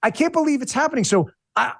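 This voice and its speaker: A man as a guest in a podcast interview, telling an emotional story in an animated, blunt way, often stumbling and restarting. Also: very high-pitched, quick pace, creaky, husky, no echo, clean studio sound. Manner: blunt and combative.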